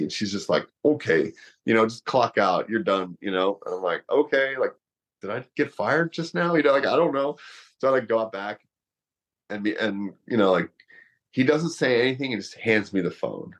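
An ex-wrestler and fighter in his thirties recounts a long story casually, rambling and leaning on fillers while laughing along. He has a lowish, fairly bright, expressive voice and keeps a moderate pace.

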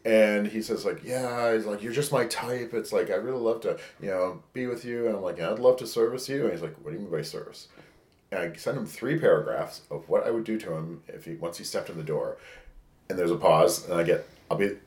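Low-voiced man telling a rambling story. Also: brisk, a little mellow. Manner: candid, rambling, acts out quoted texts. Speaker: podcast co-host. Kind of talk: casual storytelling. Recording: echoey room.

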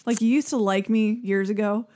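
A woman's voice: mid-range voice, fairly even intonation, normal speed, dark tone. Teasing woman co-hosting a podcast. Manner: teasing, laughs often. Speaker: podcast co-host. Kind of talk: casual chat.

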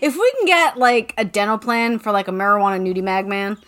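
A woman's voice: medium pitch, a little fast, slight background noise. A woman co-hosting a casual podcast, recapping a book with lots of swearing and joking. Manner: profane, joking, animated retelling with quoted voices. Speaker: podcast co-host.

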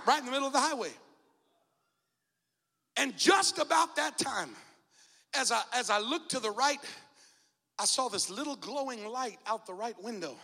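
High-pitched, dramatic male preacher in a church. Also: animated, normal speed, creaky, long pauses. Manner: dramatic, shouts out key phrases. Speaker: bishop preaching. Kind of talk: sermon with personal storytelling. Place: church sanctuary. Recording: long church reverb.

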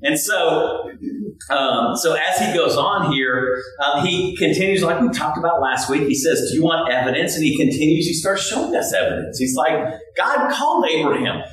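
A man preaching a sermon in a high, lively voice, breaking into shouts and laughing asides. He is heard from a distance in a very echoey hall. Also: normal speed. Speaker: pastor.

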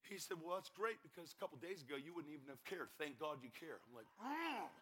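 A man from Pennsylvania giving a fast, urgent testimony sermon at a conference, breaking into sudden shouts. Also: a little high, expressive, very noisy. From York, Pennsylvania, US. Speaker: evangelist speaker.

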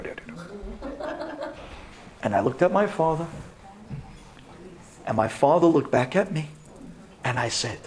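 A man who is a rabbi, telling a personal story to a class in a dramatic storyteller's manner, dropping to a hush at tense moments. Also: mid-range voice, a little slow, pauses often. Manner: animated, dramatic storytelling with sudden drops to a hush.

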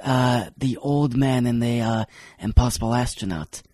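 A young man with a Long Island accent trades quick reactions on a casual movie podcast. His voice is a bit husky. It sounds dry and close, with no room around it. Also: mid-range voice, dark tone, dry recording. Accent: New York, Long Island. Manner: short reactive interjections. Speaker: podcast co-host. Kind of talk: casual film discussion.

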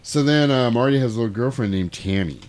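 A man's voice: medium pitch, fast, darkish tone. A man recapping a movie in casual chat, breaking into exaggerated character voices and laughing as he goes. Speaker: podcast co-host recapping a movie.

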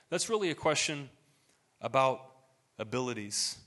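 A man's voice: a little high, sing-song, normal speed, fairly bright tone. A middle-aged man preaching a sermon as pastor, conversational and earnest, often restarting his sentences.

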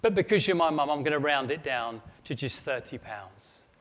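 A man's voice: a little high, lively intonation, normal speed, a bit bright. A man voicing a cheeky young boy who reads out prices in a perky, emphatic way. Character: cheeky young British boy billing his mum. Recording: long echo of a large hall.

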